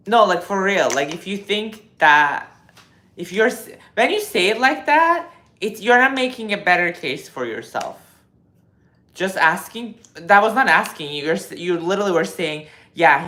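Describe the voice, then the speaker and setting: A man in his twenties on a casual live stream, reading viewer comments and answering them in an animated, lecturing way with lots of fillers. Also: a little high. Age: 20s.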